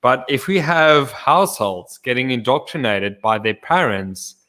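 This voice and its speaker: A man's voice: mid-range voice, animated, a little slow, bright, forceful tone. A man hosting a casual podcast chat, swearing freely and restarting words with stammers as he talks. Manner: profane, stammering restarts, laughs often. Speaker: podcast host. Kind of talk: casual chat over drinks.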